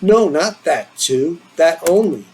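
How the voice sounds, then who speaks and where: A man voicing a boastful, defensive teenage boy, in a low, muttered manner. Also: animated, slow pace, warm tone, a little hiss or hum, rough recording.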